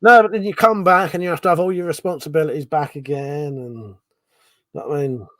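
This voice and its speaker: A man's voice: on the high side, steady tone, brisk, fairly bright tone, no echo. A man hosting a casual late-night live stream chat, rambling, swearing a lot and laughing often.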